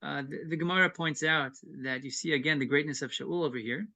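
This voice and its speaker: A man's voice: a little high, brisk, sharp tone. A man teaching an evening text-study class, reading Hebrew verses and then explaining them earnestly. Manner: earnest and explanatory, with brief chuckles.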